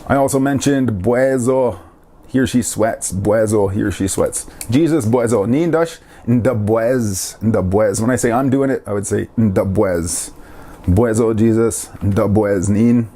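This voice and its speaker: A man hosting a casual language lesson, repeating each word slowly to show how it is pronounced. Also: lowish voice, mellow. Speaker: language teacher.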